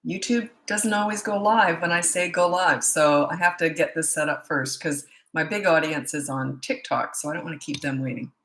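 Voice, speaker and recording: A woman's voice: deep voice, normal speed, few pauses, a bit bright, poor audio. A middle-aged woman who works as a parenting coach chats casually on a livestream, greeting viewers by name and place with jokey asides.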